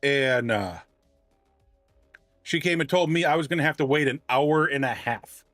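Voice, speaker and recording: A man casually telling a long story on a livestream, ranting and animated, often restarting his sentences. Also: mid-range voice, moderate pace, no room sound, clean studio sound, soft background music.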